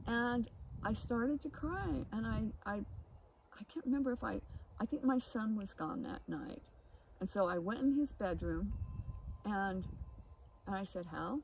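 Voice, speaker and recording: A woman's voice: mid-range voice, animated, measured pace, creaky, a little hiss or hum, poor audio. A woman telling a long personal story in casual chat, rambling with many restarts and laughs, recorded on a phone. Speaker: podcast co-host.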